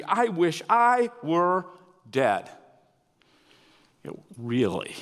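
A man preaching a sermon, animated, his pitch rising and falling with emphasis. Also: big-room sound. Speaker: pastor.

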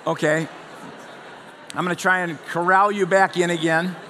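A man's voice: sits high, steady tone, moderate pace, sharp tone, a little hiss or hum. Man preaching a conversational sermon in a hall. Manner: conversational, asks the congregation questions. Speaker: pastor. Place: church hall. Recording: long hall reverb.

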